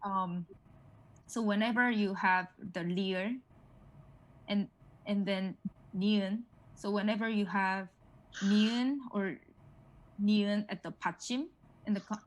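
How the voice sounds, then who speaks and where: A woman's voice: mid-range voice, fairly even intonation, slow pace, long pauses, low-quality recording. Woman, casual tutor, filler-heavy explanations, models words for repetition. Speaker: Korean language tutor. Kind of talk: casual one-on-one language lesson.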